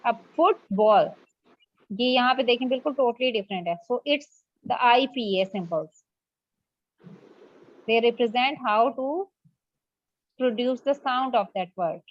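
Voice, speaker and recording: A woman's voice: on the high side, quick pace, pauses often. Patient woman teacher. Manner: patient, repeats points and checks with "okay?". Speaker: English teacher. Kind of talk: classroom lecture. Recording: muffled lo-fi classroom recording.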